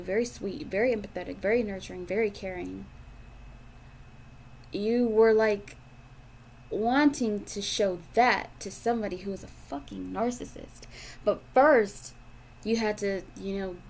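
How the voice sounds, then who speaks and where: A woman's voice: medium pitch, unhurried, long pauses, a little mellow. A woman giving a tarot reading to her audience, talking bluntly and with lots of profanity, repeating her points for emphasis. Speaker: tarot reader.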